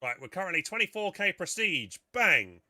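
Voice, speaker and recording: A man's voice: medium pitch, animated, normal speed, sharp tone, no room sound, clean studio sound. A man casually commenting on his gameplay while streaming, muttering and swearing now and then. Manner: chatty, muttering to himself, swears.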